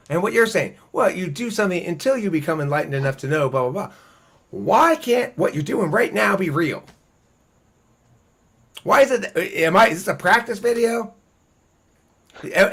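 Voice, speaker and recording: A man hosting a casual group discussion, talking bluntly and profanely in an animated, ranting way. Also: high voice. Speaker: host.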